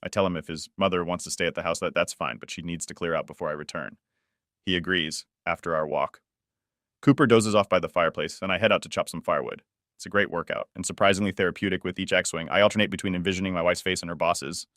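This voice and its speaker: A man tells a first-person story in a low, deep voice. His reading is steady and measured, like scripted narration. The sound is close and dry, with no room around it. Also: no room sound.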